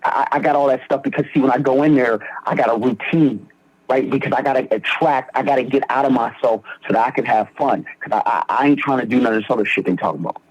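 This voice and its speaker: A man's voice: mid-range voice, fast, husky. A young man from Philadelphia telling his recovery story in a podcast interview, acting out quoted dialogue as he goes. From Philadelphia, Pennsylvania. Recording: dull lo-fi sound.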